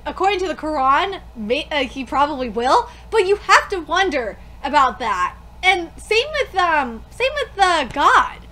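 A young woman reacting live to a manga, excitable and swearing freely, often breaking into shrieks. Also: extremely high pitch.

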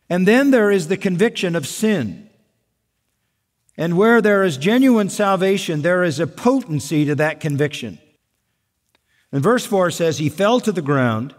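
Emphatic preaching man in a reverberant hall. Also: fairly high pitch. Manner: emphatic preaching, slows down for weight. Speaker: pastor. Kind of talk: sermon.

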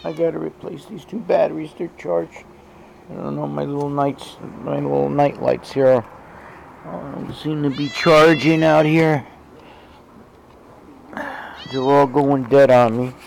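A man talking to his pet cat in a casual home video, switching between everyday muttering and high sing-song baby talk. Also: steady tone, measured pace, creaky, long pauses, a little mellow, a little hiss or hum, poor audio. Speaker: cat owner. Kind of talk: casual talk to a pet while doing chores. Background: cat meowing.

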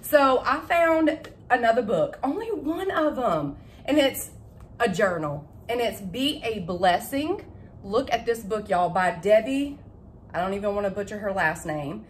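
A young woman chatting casually to camera about her shopping haul, excitable and laughing at her own slips. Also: medium pitch, a little slow, a little hiss or hum. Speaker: vlogger showing a shopping haul. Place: at home.

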